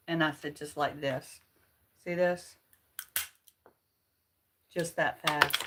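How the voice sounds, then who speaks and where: A woman's voice: low-pitched, fairly bright tone, slight background noise. A woman hosting a casual livestream, chatting playfully and laughing at her own jokes. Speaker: channel host.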